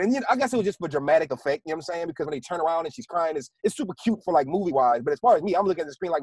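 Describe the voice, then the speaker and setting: A man's voice: a little high, animated, darkish tone, breathy edge, dry recording, faint music behind. A male podcast co-host in casual chat, telling stories in a slangy, exasperated way. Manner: fast, slangy, exasperated storytelling.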